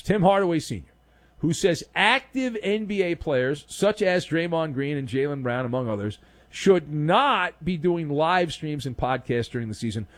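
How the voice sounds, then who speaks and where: Sarcastic sports talk host guy, high voice that swings all over, ranting emphatically. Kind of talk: opinionated sports talk monologue.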